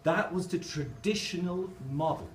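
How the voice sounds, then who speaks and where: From a large, echoey conference hall, a distant camera picks up a man with an Irish accent and a high-pitched voice at a normal pace. He's giving a playful, humorous talk, explaining his drawings as he goes, and the recording is noisy.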